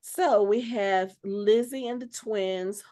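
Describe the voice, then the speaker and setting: A woman's voice: medium pitch, slow, warm tone. A woman hosting a podcast in casual chat, rambling and laughing often as she recaps a TV episode. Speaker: podcast host.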